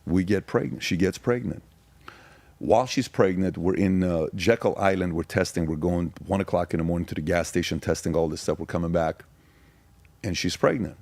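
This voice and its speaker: A man's voice: low voice, brisk, a little mellow, no room sound. A man in his forties from Iran, a podcast guest telling his story in an emphatic, casual way and firing off rhetorical questions.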